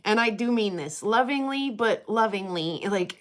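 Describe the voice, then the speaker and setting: A woman's voice: mid-range voice, lively intonation, moderate pace, few pauses. A woman hosting her rock hobby livestream, chatting casually in a rambling, giggly way with many fillers. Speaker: rock hobby channel host.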